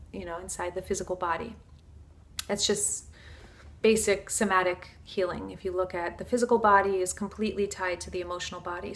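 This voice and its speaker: A woman spiritual teacher giving a casual talk in an earnest, flowing way, sprinkled with fillers like "like" and "you know". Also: medium pitch.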